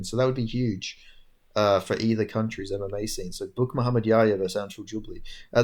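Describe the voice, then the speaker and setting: A young man talks alone through a fight card recap, sounding worn out from little sleep. He rambles loosely, swears casually and leans on fillers. His voice sits at an ordinary middle pitch. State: tired, yawning. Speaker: MMA commentator recapping fights. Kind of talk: casual solo recap talk.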